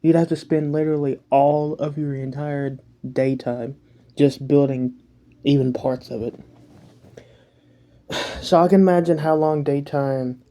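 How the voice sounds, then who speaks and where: A man's voice: medium pitch, dark tone. A man casually reacting to a video at home, rambling, swearing and making self-mocking jokes.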